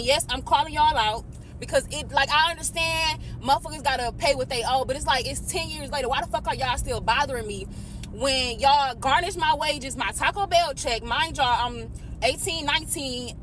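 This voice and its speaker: A young woman in her twenties venting with a high voice, frustrated and fighting back tears. She swears freely as she rants, and a faint hiss sits under her words. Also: a bit bright. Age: 20s. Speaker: vlogger. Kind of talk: emotional vent.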